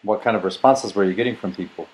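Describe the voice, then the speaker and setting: A man interviewing, asking short, gently probing questions. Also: fairly low pitch, fast, low-quality recording. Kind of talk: oral history interview.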